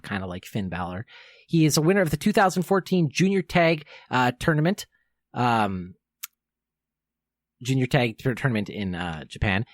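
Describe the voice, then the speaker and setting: A young podcast host gives an enthusiastic fan's countdown commentary, rambling with fillers and correcting himself. His voice is medium in pitch, in a dry, clean studio recording.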